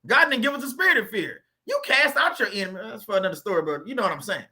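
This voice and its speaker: Guy preaching to his channel, AAVE, high bright voice, talks to y'all like church. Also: lively intonation. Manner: conversational preacher, repeats phrases, reads scripture slowly. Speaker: YouTube faith channel host. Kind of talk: informal preaching and scripture reading.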